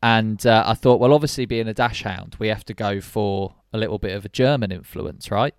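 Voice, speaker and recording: A man's voice: fairly low pitch, brisk, smooth, dry recording. Brief: male podcast co-host, young adult, casual and joking, dry close mic. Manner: chatty, jokey, rambling with fillers.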